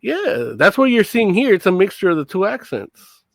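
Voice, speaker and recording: A man's voice: high-pitched, sing-song, moderate pace, creaky, no echo. A man on a casual panel show who explains things matter-of-factly, tagging his lines with "you know".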